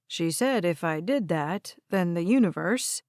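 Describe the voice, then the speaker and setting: A woman's voice: on the low side, animated, a little slow, darkish tone, no room sound. A woman voicing a friendly, slightly bashful young man in an audiobook, recorded dry.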